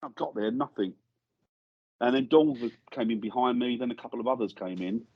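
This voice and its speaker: A husky-voiced man is a guest in a studio, telling a story in a relaxed, conversational way. He acts out the voices of the people he quotes. The sound is close and dry, with a slightly dull edge. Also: mid-range voice, moderate pace, no room sound. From England. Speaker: guest paranormal investigator. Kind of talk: casual storytelling anecdote.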